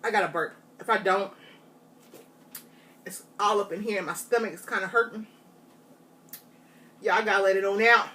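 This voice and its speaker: A woman chatting straight to her viewers in a casual challenge vlog, animated and drawling. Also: mid-range voice, normal speed, pauses often, far from the mic. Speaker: vlogger. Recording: faint noise, voice off from mic.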